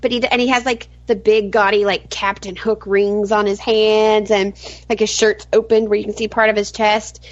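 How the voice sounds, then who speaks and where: A woman co-hosting a podcast, bubbly and giggly, gushing with animated energy. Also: medium pitch, normal speed, dry recording. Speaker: podcast co-host. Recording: dull lo-fi audio.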